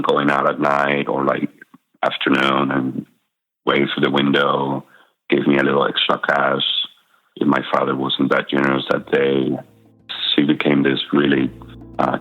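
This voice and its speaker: A middle-aged man from Spain, speaking with a Spanish accent in a somewhat bright bass voice, recounts candid personal stories as a guest. Fillers and small laughs fill his talk, and the audio is dull and lo-fi.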